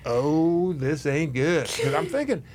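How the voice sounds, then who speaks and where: An older man hosting a radio talk show, telling a story in an animated way, laughing and acting out voices. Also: fairly high pitch, slow pace, a little hiss or hum. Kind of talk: casual storytelling chat.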